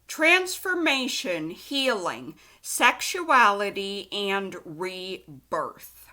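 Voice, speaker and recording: A woman's voice: mid-range voice, lively intonation, takes it slowly, sharp tone. A young woman giving a casual tarot card reading, chatty and giggly, with lots of likes and ums. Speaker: tarot reader.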